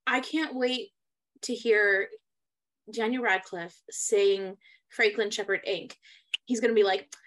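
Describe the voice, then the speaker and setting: A young adult woman co-hosting a casual podcast chat about musical theater, excitable and blunt, swearing casually. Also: medium pitch, slow, long pauses. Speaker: podcast co-host.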